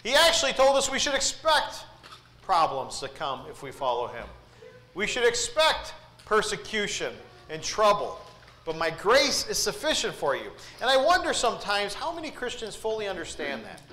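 A male preacher delivers an earnest sermon, often turning to the congregation with questions. His voice sits high and bright. The sound carries the echo of a church sanctuary. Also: wildly swooping pitch, moderate pace.

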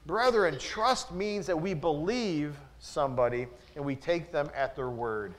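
A man with a notably high voice preaches a sermon in a church. He speaks emphatically, pressing the congregation with rhetorical questions. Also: unhurried, hardly any pauses. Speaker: pastor. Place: church with a screen behind him.

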